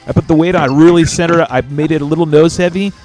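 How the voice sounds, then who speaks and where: Animated, higher-voiced male show host. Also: racing, soft background music. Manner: animated storytelling, swears freely. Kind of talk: casual live show chat.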